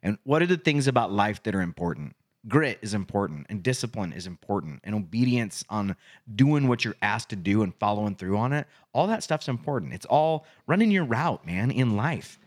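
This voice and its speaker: Podcast guy telling a coaching story, voice jumps all over, yells out the quotes. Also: on the low side, big pitch swings, brisk. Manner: acts out his own yelling in loud quoted bursts. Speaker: podcast co-host and youth football coach. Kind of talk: casual chat, animated storytelling.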